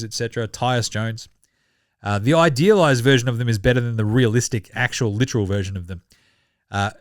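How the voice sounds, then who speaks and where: A man's voice: medium pitch, no echo, studio quality. An Australian man hosting a basketball show, talking in a casual, sweary and sarcastic way, often mocking others in short impressions. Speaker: basketball podcast host. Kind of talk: casual sports commentary.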